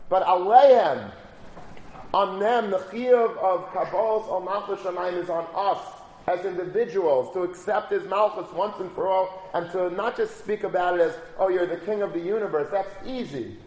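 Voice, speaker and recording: A man's voice: high-pitched, normal speed, few pauses, a little mellow. A man giving a casual Torah talk, telling a story and using many Hebrew and Yiddish terms. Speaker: rabbi. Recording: echoey room, faint ambience.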